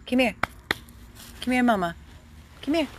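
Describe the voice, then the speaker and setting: A woman hosting a casual live stream from her dog rescue, using gentle baby talk with her dog and chatting with viewers. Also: on the high side, lively intonation, a little slow, background noise. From Florida. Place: home with dogs, indoors and out.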